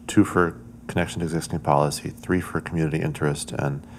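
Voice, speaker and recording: A man chairing a city committee meeting, measured and moving the agenda along. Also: extremely low pitch, steady tone, slight background noise.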